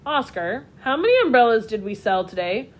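A woman reading a storybook, voicing a gentle, kind-hearted middle-aged father who makes umbrellas. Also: on the high side, lively intonation, brisk. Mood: surprised.

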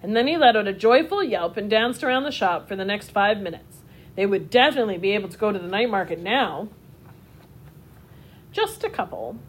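A woman narrating a children's storybook in a steady, expressive reading voice. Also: medium pitch, fast, husky.

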